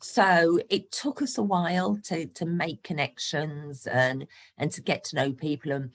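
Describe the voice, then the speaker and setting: Low-voiced, chatty woman in her sixties. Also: fairly even intonation, unhurried. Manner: chatty and frank, laughing between points. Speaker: guest, property investor. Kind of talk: casual podcast interview.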